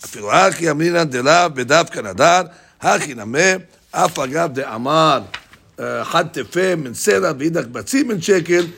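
A man teaching a class on a text. He explains it in an animated way, acts out the people he quotes and often repeats his words. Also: on the high side, very fast, creaky, a little hiss or hum.

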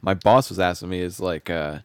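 A man's voice: low-pitched, normal speed, smooth, no echo. A man co-hosting a podcast in casual chat, congested from a cold and often exasperated. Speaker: podcast co-host.

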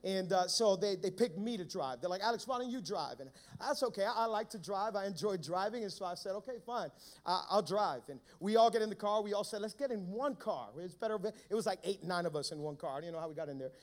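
High-voiced preaching man. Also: fast talker, few pauses. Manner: preaching with humor, calls to the church. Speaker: pastor. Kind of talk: sermon.

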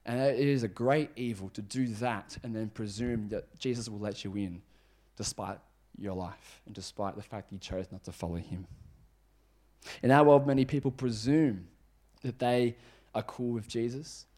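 A pastor giving a conversational, emphatic sermon, dropping low and quiet on serious points. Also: male voice, steady tone, normal speed.

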